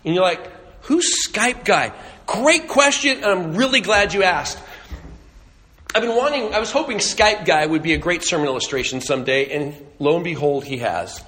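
A man with a high, bright voice preaches a sermon, speaking conversationally and slipping in humorous asides as he tells a story. He sounds like a pastor addressing his congregation. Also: animated, normal speed.

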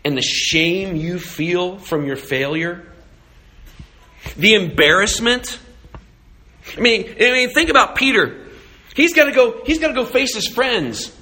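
A man's voice: high voice, animated, unhurried, long pauses, sharp tone. A man preaching a sermon, telling a story with animation and asking rhetorical questions. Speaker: pastor.

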